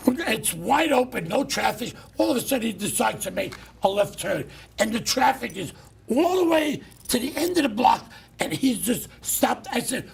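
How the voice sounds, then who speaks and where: A middle-aged man hosting a talk show, telling stories in a blunt, loud, animated rant. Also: extremely high pitch, normal speed, gravelly, husky. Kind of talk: casual ranting monologue.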